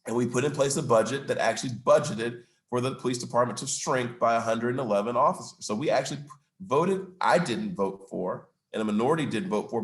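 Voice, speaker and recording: Man, city mayor, emphatic, argumentative, mid-pitched voice, roomy echo. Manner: emphatic, argumentative, stresses facts and figures. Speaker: mayor speaking at a chamber of commerce event. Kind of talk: public Q&A answer. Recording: roomy, echoey room.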